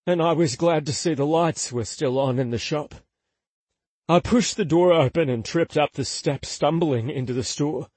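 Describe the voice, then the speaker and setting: A man narrates a first-person story in a slow, intimate, confessional tone. His voice is husky and sits somewhat high for a man. The close, dry recording has no room echo. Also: darkish tone. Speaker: audiobook narrator.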